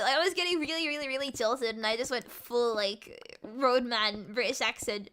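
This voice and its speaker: A woman's voice: fairly high pitch, normal speed, a bit bright, clean tone. A woman VTuber streamer chatting casually and playfully while gaming, rambling from one thought to the next.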